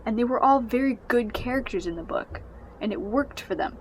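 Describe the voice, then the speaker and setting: A woman's voice: fairly high pitch, animated, brisk, slight background noise. A young woman giving a casual, exasperated spoken review of a book and its movie adaptation. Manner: exasperated, ranting.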